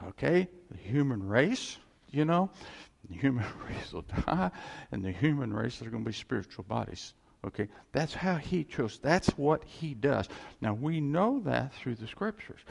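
A man's voice: mid-range voice, vocal fry, long reverb tail. A man preaching a sermon, telling the stories with life and acting out the voices in them.

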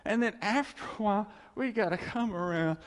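A man's voice: sits high, normal speed, long reverb tail. A man preaching a conversational sermon in a church. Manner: animated and conversational, laughs between points.

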